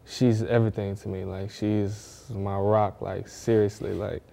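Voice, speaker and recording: Young male athlete, laid-back interview talk, deep and warm. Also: level tone, measured pace, gravelly. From Northwest Ohio. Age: young adult. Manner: laid-back, says "man" a lot. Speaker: athlete guest. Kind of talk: casual interview.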